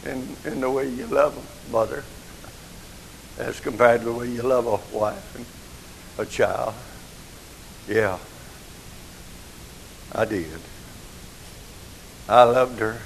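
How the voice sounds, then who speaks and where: An older man, preaching an emotional sermon that moves from soft, hushed passages to rising outcries. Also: mid-range voice, steady tone, measured pace, vocal fry, pauses often, slight background noise, rough recording.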